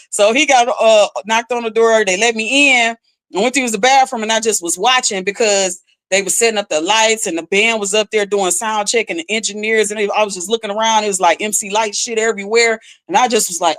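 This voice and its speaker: A woman rapper, appearing as a podcast guest, tells a casual story in a brisk, mid-range voice. She's animated, acts out what people said, and uses "like" a lot.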